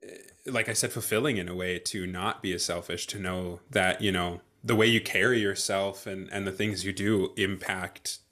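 Young guy guest, kinda low voice but bright, lots of ums, easygoing. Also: steady tone, normal speed. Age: young adult. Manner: hesitant, full of ums and restarts, good-humored. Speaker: guest, new father. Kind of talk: casual interview chat.

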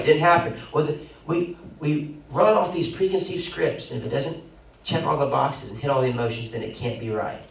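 A young man, the pastor, preaching an animated sermon with sudden loud bursts and quick asides, recorded in a church. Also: on the high side, creaky. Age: young adult. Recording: roomy echo, mic at a distance.

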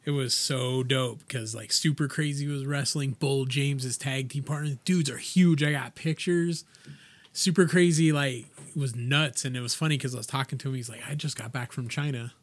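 A middle-aged podcast co-host tells stories with profane excitement in a mid-range voice. His pace runs ahead when he gets worked up. The recording is dry and close to the mic. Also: medium pitch, moderate pace, no room sound. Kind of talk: casual chat.

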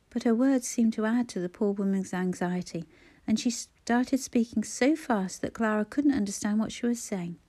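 A woman reading a novel aloud in measured, scripted narration. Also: mid-range voice, mellow. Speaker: audiobook narrator.

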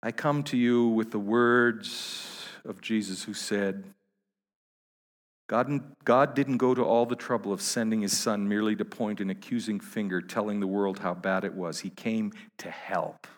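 A man preaching a sermon to his congregation, halting and repeating words, rising to emphatic peaks. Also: lowish voice, big-room sound. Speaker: pastor.

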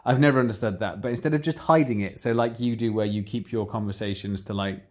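A man talking candidly in a casual chat, rambling and getting animated as he retells conversations. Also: on the low side, fast talker.

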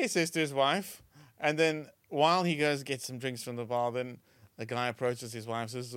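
Comedy podcast co-host, male, higher voice, very animated delivery, dry close sound. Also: measured pace, smooth, no room sound. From South Africa. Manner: giggly, animated joke-telling. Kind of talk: comedic casual chat.

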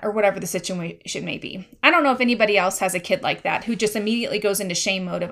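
A woman's voice: mid-range voice, fast, few pauses, fairly bright tone. A woman in her thirties hosting a faith-based parenting podcast, talking in an earnest, confiding way and reading scripture aloud. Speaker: podcast host.

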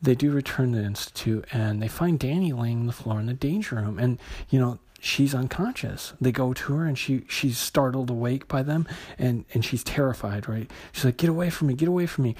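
Husky man reviewing comics, halting. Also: medium pitch, darkish tone. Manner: hesitant, many fillers and restarts. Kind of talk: casual spoken review.

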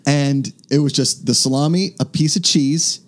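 A man's voice: fairly high pitch, normal speed. A man co-hosting a comedy podcast, chatting casually and acting out the people in his stories. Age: young adult. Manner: storytelling, acts out voices of people in his stories. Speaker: podcast co-host.

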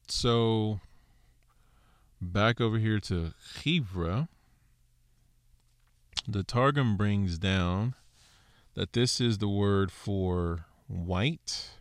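Male bible teacher, low voice, unhurried delivery, dry close sound, loose casual explaining. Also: gravelly, no room sound. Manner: explains Hebrew word studies, many fillers like "so" and "okay". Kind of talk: casual scripture lesson.

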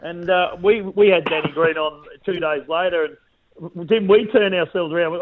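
A man's voice: sits high, fairly quick, dull audio. A middle-aged Australian man chatting as a radio guest, telling jokey stories with laughs. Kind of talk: casual chat.

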